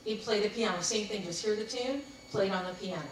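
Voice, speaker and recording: Quick-paced and medium-pitched, a chatty woman leads a casual workshop for a group in a meeting room, laughing and sharing anecdotes. She is recorded from a distance in a very echoey space, with a faint hiss in the background.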